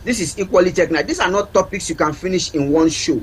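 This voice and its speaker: A man with a fairly high voice, talking as a parenting counselor on a TV talk show. He speaks earnestly and stresses his points by saying them again. A faint hiss sits under his voice. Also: quick pace, low-quality recording. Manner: earnest, emphatic, repeats key points to drive them home. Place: TV studio.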